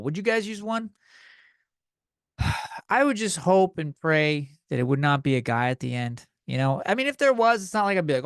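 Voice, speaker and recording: A man's voice: a little high, expressive, moderate pace, long pauses, smooth, dry recording, studio quality. A young man hosting a comedy podcast, ranting in a heated, profane, exaggerated way. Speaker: podcast host. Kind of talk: comedic rant.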